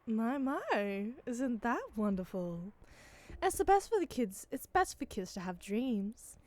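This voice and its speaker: A woman's voice: on the high side, sing-song, slow pace, a little mellow, no echo. A woman voicing a condescending, posh middle-aged aunt with a British accent.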